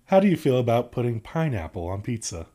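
Playful man with a lively voice, joking host. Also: medium pitch, a little fast. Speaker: podcast host. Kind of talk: casual chat.

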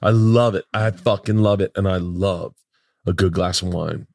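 A man's voice: low voice, steady tone, moderate pace, gravelly, a little mellow, no echo. A middle-aged man talks in a loose, emotional way after a few glasses of wine. He swears freely and trips over repeated words. The sound is close and dry. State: tipsy from wine. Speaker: podcast guest. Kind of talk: casual emotional chat.

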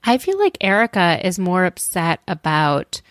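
A woman in casual chat who reacts in a relaxed, agreeable way. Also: on the low side, a little slow, dry recording, studio quality.

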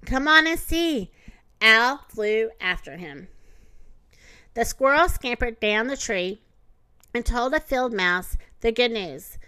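A woman reading a children's storybook aloud, gentle and expressive. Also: fairly high pitch, takes it slowly, clean tone, no room sound. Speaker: narrator.

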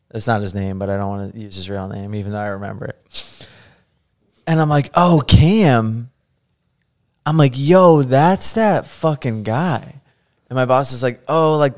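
A man at a middle, ordinary pitch tells a casual story on a podcast. He talks freely and easily, and his voice lifts and breaks into laughter as the story builds. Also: clean tone. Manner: animated, laughing, acts out quotes. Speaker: podcast guest.

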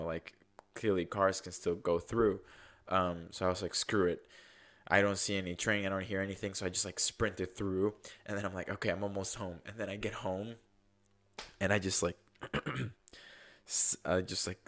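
A podcast host telling a casual, rambling story, full of fillers and quoted self-talk. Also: male voice, low-pitched. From United States.

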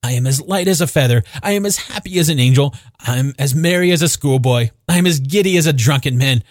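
A man's voice: fairly high pitch, very animated, moderate pace, a bit bright, no room sound, clean studio sound. A man voicing an elderly repentant miser, talking in fervent, breathless exclamations for an audiobook. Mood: giddy. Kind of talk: audiobook character reading.

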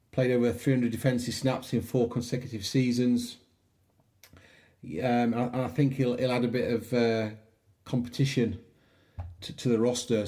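Relaxed male co-host, warm dark tone. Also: mid-range voice. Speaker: podcast co-host. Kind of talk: casual podcast chat.

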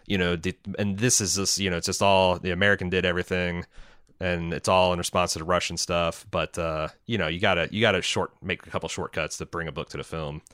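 A man's voice: low voice, steady tone, fast, fairly bright tone, no echo, studio quality. A man co-hosting a casual film discussion, rambling and enthusiastic, with many restarts. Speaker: podcast co-host.

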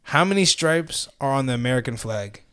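A man's voice: mid-range voice, expressive, fairly quick, bright, forceful tone, smooth. Guy reading quiz questions to his friends, loose and stumbly, laughs a lot. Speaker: quiz host among friends. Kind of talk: casual quiz game chat.

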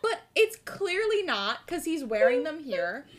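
Young woman cohost, high lively voice, swears a lot, jokey chat. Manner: animated, swearing, quick comic asides. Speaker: podcast co-host. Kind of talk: casual chat.

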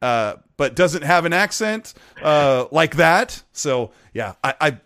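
A man in his forties co-hosting a casual gaming chat, animated and joking with rambling asides. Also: a little high, slow, dry recording, clean studio sound. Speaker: podcast co-host.

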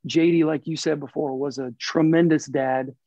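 A racing team president, appearing as a guest in a casual interview, talks earnestly and reflectively, often repeating himself as he thinks. His voice is fairly high, steady, and mellow at a normal speed, captured in a dull lo-fi recording with no echo.

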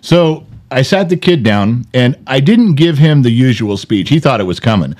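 A middle-aged man chatting on a podcast in a voice of ordinary middle pitch. He is blunt and joking, with the odd curse. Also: lively intonation, normal speed, darkish tone. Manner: blunt, joking, a bit profane. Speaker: podcast co-host. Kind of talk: casual chat.

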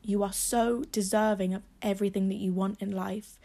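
A young woman records her podcast on a phone perched on her laptop desk. Her voice has a gravelly fry to it, and she sounds close to tears as she urges listeners on. She speaks with earnest, emotional sincerity. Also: mid-range voice, level tone, normal speed, mellow. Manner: emotional, tearful encouragement. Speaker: podcast host. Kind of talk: heartfelt solo podcast talk. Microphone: phone propped on a laptop desk.

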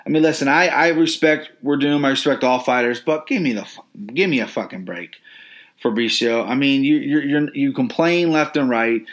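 A man's voice: medium pitch, normal speed. Brash, swearing man ranting about fighters. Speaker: podcast host. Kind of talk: opinionated sports podcast commentary.

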